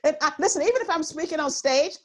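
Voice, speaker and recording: A high-pitched woman talks in an animated, emphatic way as a guest in an interview. She projects her voice firmly and acts out quoted remarks. She laughs easily between points. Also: fast, heavy background noise. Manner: projects voice with authority. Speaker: guest author. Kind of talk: interview conversation.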